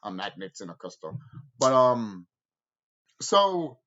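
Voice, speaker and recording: In a muffled recording, a man with a lowish voice speaks slowly through a casual, rambling video review. He's animated and swears heavily, laughing often as he goes.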